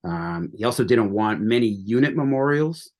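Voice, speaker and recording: A man's voice: lowish voice, lively intonation, normal speed, a little mellow. A man from the United States, a guest on a history podcast, talking with enthusiasm and many restarts. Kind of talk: conversational history interview.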